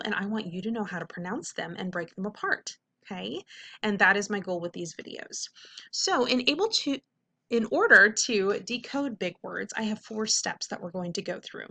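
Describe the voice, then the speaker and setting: A woman reading teacher giving an upbeat video lesson to middle schoolers, often checking in with "okay?" and slowing down to sound out words. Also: mid-range voice, pushed and bright. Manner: slows to sound out words carefully.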